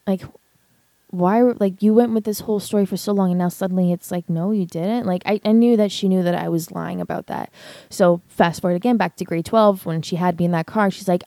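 A woman's voice: lowish voice, steady tone, a little fast, warm tone, no echo. A young woman hosting a podcast, telling a raw personal story candidly, with lots of swearing and fillers. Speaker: podcast host. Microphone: podcast mic.

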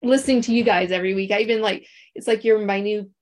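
A woman's voice: medium pitch, fairly even intonation, quick pace, darkish tone. A woman on an online call, a coaching client talking casually in rambling, grateful sentences full of fillers and restarts.

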